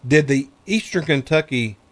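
A man hosting a radio sports talk show, chatty and fast-talking. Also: fairly high pitch, animated. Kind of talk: radio interview.

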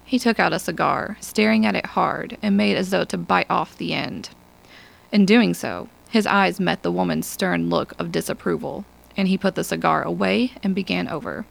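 A woman reading an audiobook in a measured, even storytelling manner. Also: lowish voice, gravelly, low-quality recording. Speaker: audiobook narrator. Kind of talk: scripted narration.

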